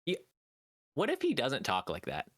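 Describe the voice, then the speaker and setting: A man co-hosting a podcast, chatting jokily about a movie in an animated, hammy way. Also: medium pitch, normal speed. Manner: animated, jokey, swings his voice up and down. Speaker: podcast co-host. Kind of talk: casual comedic movie review chat.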